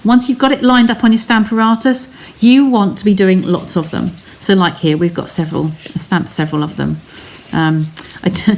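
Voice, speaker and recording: A woman's voice: fairly low pitch, creaky. A woman hosting a live craft stream from her home studio, explaining each step in a chatty way and talking to her viewers.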